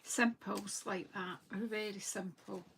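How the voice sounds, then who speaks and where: Woman chatting slowly while crafting. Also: mid-range voice, fairly even intonation, vocal fry, a bit bright, a little hiss or hum. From Scotland. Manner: chatty, thinking aloud while working. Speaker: craft demonstrator. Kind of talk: live crafting chat.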